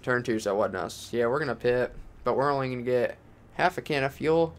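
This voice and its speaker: A young man from Texas calls his racing game out loud as he drives, swearing freely and ranting at rival drivers. His voice sits at a middling pitch, and a faint hiss of noise hangs behind it. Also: fairly quick. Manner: profane, frustrated ranting. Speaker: gaming channel host.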